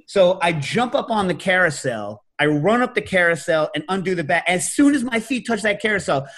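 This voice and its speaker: A middle-aged man hosting a podcast, telling stories in a casual, animated way and breaking into loud shouted impressions. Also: high-pitched, normal speed. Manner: animated storytelling, mimics loud New York shouts. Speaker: podcast host. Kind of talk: casual chat.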